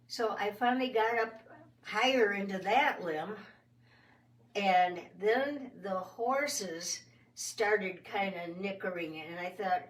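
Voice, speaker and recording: A woman telling a children's story in a folksy, expressive first-person way. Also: mid-range voice, unhurried, far from the mic. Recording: roomy sound from off the mic.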